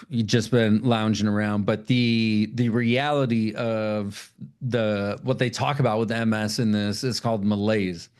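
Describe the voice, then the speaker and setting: A man's voice: lowish voice, darkish tone. Tired, rambling middle-aged man. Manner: loose, swearing, rambling storytelling. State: tired from lack of sleep. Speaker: podcast co-host. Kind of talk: casual chat.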